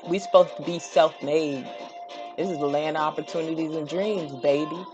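A woman's voice: low-pitched, fairly even intonation, moderate pace, music in the background. Fired-up woman ranting with blunt profanity. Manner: blunt, profane, rising to heated outbursts. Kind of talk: impassioned direct-to-camera rant.

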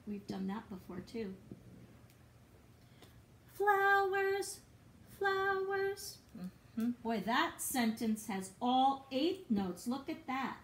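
A woman's voice: fairly high pitch, unhurried, few pauses, a little hiss or hum. A woman teaching a music lesson to young children online, encouraging and patient, often chanting and singing syllables.

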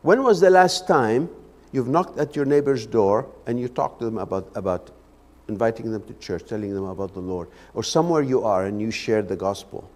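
A man's voice: lowish voice, moderate pace, darkish tone. A man preaching a Sunday evening sermon in a church, fervent and often repeating his words as he goes. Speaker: lay preacher. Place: church sanctuary. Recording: echoey church hall.

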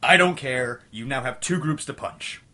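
A young man hosting a comedic game review, ranting in an exasperated, scattershot way and talking himself back to calm. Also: medium pitch, moderate pace. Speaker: host of a retro game review show.

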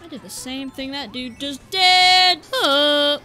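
A woman giving excitable gameplay commentary, yelping and cracking crude jokes. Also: sits high, takes it slowly, over loud music. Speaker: gaming YouTuber.

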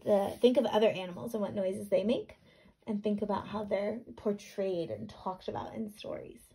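A woman teacher reading a picture book aloud to young students, animated, asking questions and sounding words out. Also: medium pitch, moderate pace, slightly rough.

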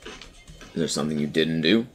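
A man's voice: very deep voice, moderate pace, faint music behind. A man co-hosting a casual let's play, joking wryly and reading game text aloud. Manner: wry, jokey, reads game text aloud. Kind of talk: casual gameplay commentary.

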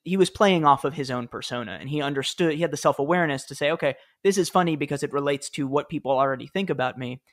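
A man's voice: fairly high pitch, fast talker, few pauses. A man in his thirties, a podcast guest, telling stories in a chatty, easygoing way with fillers and small laughs. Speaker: podcast guest, former speechwriter. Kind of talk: casual interview storytelling.

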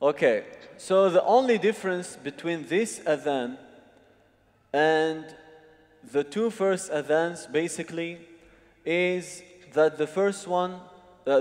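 A man's voice: on the high side, a little mellow. A man teaching a religious seminar, explaining step by step and often checking that the audience follows. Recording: long hall reverb.

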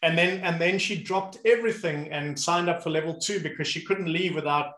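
Animated man, roomy sound. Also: on the high side, fairly quick. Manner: animated storyteller, acts out the people he describes. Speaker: movement coach and host. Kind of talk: casual conversation. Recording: roomy echo.

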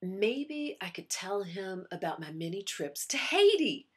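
A woman with a Southern accent performing a chatty, animated audition monologue to her diary. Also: medium pitch, a little slow, husky. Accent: put-on Southern US. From US Midwest. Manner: chatty, animated, self-promoting. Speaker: actress auditioning.

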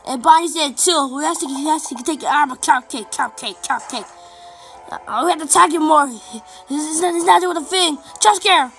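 A woman giving excitable let's play commentary over a game, chanting and repeating little phrases as she plays. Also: sits high, normal speed, faint music behind. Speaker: gameplay commentator.

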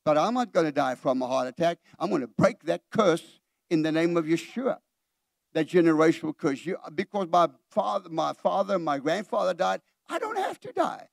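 A man's voice: fairly high pitch, moderate pace, gravelly, dry recording, clean studio sound. A middle-aged man preaching a sermon in a church. He preaches with animation, puts questions straight to the congregation and acts out the voices he quotes. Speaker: pastor.

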